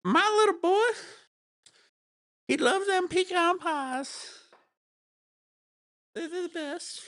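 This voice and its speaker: A man's voice: very high-pitched, very slow, bright, forceful tone, no echo, clean studio sound, pitched above the performer's own voice, full character voice. A man voicing a cheerful, pie-loving Southern man with an exaggerated, put-on Southern drawl. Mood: folksy. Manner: folksy, over-the-top drawl.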